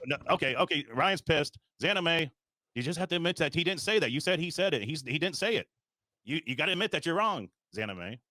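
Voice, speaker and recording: A man hosting a live stream panel, repeatedly trying to calm a guest and pushing another to answer. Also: a little high, fast, no echo. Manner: repetitive, soothing, placating. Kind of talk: heated live panel moderation.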